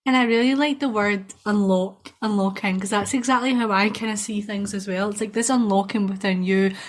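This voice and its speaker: A woman's voice: medium pitch, steady tone, brisk, slight background noise. Reflective woman podcast co-host. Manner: reflective, with many "like" fillers. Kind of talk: casual chat.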